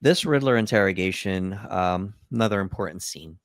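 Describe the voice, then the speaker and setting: A man's voice: sits low, expressive, normal speed, no room sound, clean studio sound. A man co-hosting a podcast, steadily recapping a movie in a casual chat, with many fillers. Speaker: podcast co-host.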